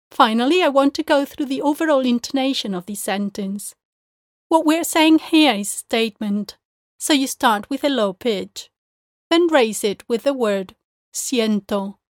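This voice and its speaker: A fairly high-pitched woman teaches pronunciation in a calm, scripted way. She explains each point clearly and slowly, then models the words. Her voice is recorded close and dry, with no room sound. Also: no room sound. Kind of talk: scripted podcast lesson.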